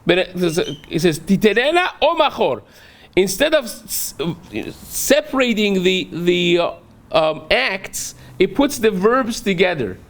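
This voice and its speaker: A man's voice: high-pitched, sing-song, unhurried, a bit bright. A man, a rabbi teaching a daily Talmud class, who reads a phrase aloud, then explains it step by step and keeps checking in with a rhetorical "right?".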